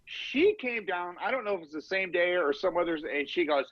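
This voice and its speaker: A man's voice: high-pitched, sing-song, normal speed, vocal fry, hardly any pauses, fairly bright tone, no echo, rough recording. A man on a rock podcast reminiscing and chuckling in casual chat. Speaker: podcast co-host.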